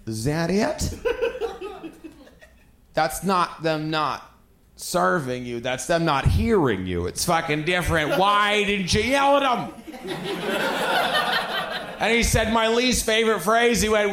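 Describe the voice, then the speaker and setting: A man's voice: high voice, lively intonation, a little slow, long pauses, a crowd in the background. Brash stand-up man in a roomy club. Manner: brash, profane, rising to shouts. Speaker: stand-up comedian. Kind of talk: stand-up routine. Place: comedy club stage. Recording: roomy club with audience laughter.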